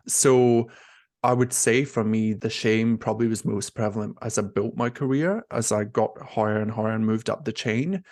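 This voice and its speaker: A young man with a fairly low voice speaks at normal speed in a studio-quality recording with no room sound. He's a nurse coach appearing as a guest in a candid, conversational interview, talking openly and emotionally and constantly saying "like" and "you know."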